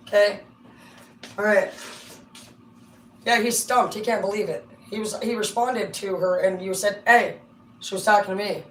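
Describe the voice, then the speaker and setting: A middle-aged woman giving a casual, rambling tarot reading on a livestream. She talks excitably and swears constantly. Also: medium pitch, moderate pace, long pauses. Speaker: tarot card reader. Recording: roomy sound from a distance, faint hum.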